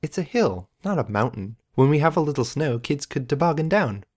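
A man's voice: a little high, sing-song, brisk, darkish tone, voice pushed up. A man voicing a teasing young woman whose speech carries a faint trace of accent, in an audiobook. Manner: playful, teasing.

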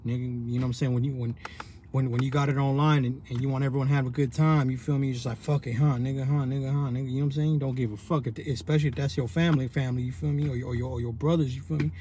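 A man's voice: medium pitch, steady tone, racing, warm tone, slight background noise. A man telling a rambling story in a loose, slang-heavy way, full of restarts and "you feel me" tags. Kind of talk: casual storytelling monologue.

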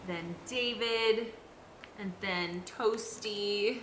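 A woman's voice: mid-range voice, expressive, takes it slowly, sharp tone, echoey room, a little hiss or hum. A young woman streaming a game live, chatting with viewers and sounding exasperated.

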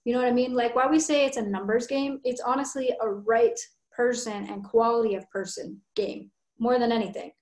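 A woman coaches her team over a video call, talking with earnest conviction. Her voice sits fairly high, and her room has a noticeable echo. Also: fairly even intonation, darkish tone. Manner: earnest, fast storytelling with conviction. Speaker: guest coach.

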